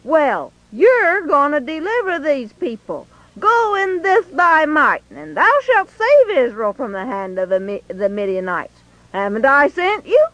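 A woman voicing a calm, firm angel. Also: high-pitched, measured pace, no room sound, pitched above the performer's own voice, full character voice, low-quality recording. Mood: commanding. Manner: firm, reassuring. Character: calm commanding male angel of the Lord.

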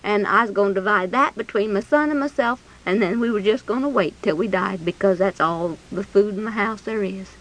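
A woman's voice: medium pitch, brisk, hardly any pauses, pitched below the performer's own voice, natural voice, poor audio. A woman voicing a humble starving widow. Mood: resigned. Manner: plain, humble country talk.

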